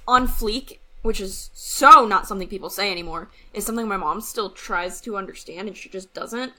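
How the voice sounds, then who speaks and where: A young woman co-hosting a podcast in casual chat, bubbly and teasing and quick to laugh. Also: mid-range voice, pushed and bright. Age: young adult. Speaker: podcast co-host.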